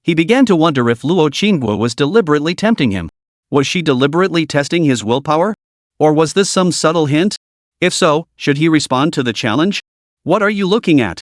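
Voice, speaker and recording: A man narrates a web novel with lively, animated storytelling, his voice sitting a bit high. The recording is dry and close, with no room sound. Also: brisk, dry recording.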